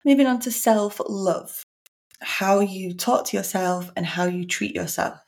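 A woman's voice: mid-range voice, measured pace, vocal fry. A woman coach hosting her own podcast, talking straight to listeners in a frank, encouraging way with a dry streak of sarcasm. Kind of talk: solo podcast talk.

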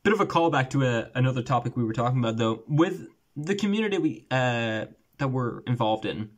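Brisk and expressive, this young male podcast host has a mid-range voice and comes through a remote call. He rambles in casual video-call conversation, frequently starting sentences over and chuckling at the stories he tells.

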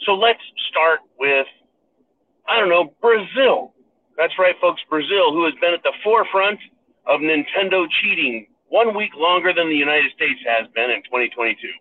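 A man's voice: fairly high pitch, animated, moderate pace. A man hosting a show, delivering a sarcastic, ranting political monologue and calling his listeners "folks". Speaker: podcast host. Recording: tinny phone-like sound.

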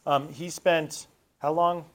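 A man introducing a guest speaker at a school gathering, halting and full of fillers. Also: a little high, steady tone, a bit bright.

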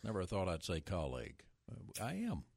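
Folksy radio host, dry studio. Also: male voice, sits low, normal speed, vocal fry, slightly rough, no echo. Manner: folksy, jovial, relaxed banter. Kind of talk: casual radio chat. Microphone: studio microphone.

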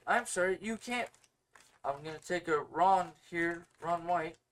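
A man in his thirties co-hosts a loose, casual podcast with a stuffed-up nose. He talks in animated, sarcastic rants, driving his opinions home. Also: on the high side, unhurried. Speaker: podcast co-host.

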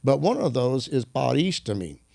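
A man who is a minister, telling stories in an animated, preaching style, often clearing his throat. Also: medium pitch, normal speed, no echo, clean studio sound. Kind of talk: storytelling preaching conversation.

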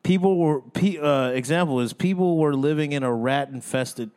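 A man's voice: a little high, normal speed, a little mellow, clean tone. A man guessing at word puzzles in casual banter, joking and laughing easily.

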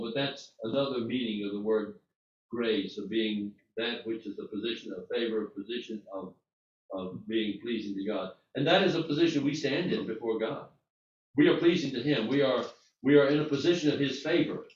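Man giving a rambling Bible talk. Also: medium pitch. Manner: conversational, halting with restarts and fillers. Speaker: Bible teacher. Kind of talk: informal sermon. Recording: distant mic in an echoey room, muffled.

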